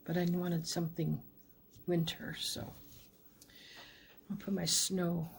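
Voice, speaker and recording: A woman hosting a crafting video, talking casually and a bit self-deprecatingly as she works, often trailing off into soft near-whispers. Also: on the low side, little pitch movement, slow, gravelly, long pauses, slight background noise. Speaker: crafting channel host. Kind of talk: casual crafting talk-through.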